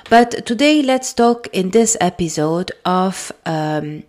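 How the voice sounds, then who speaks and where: A woman speaking English with a French accent hosts a solo podcast. Her voice sits a little low, and she talks in an easy, reflective way, often pausing on fillers and restarting her words. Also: animated. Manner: thoughtful, gentle, with frequent fillers and restarts. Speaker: podcast host. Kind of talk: casual solo podcast talk.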